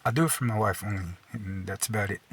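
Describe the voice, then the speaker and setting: Speaking fast in a lowish voice, a middle-aged man hosts casual storytelling, full of swearing, "dude," and "you know," and he chuckles along with his own stories. A faint hiss or hum runs under the clip.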